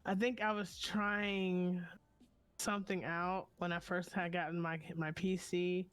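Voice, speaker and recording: A woman's voice: fairly low pitch, level tone, a little slow, clear, resonant tone, no room sound. A woman speaking as a streamer guest on an online comedy panel, a bit hesitant and giggly. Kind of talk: casual panel chat.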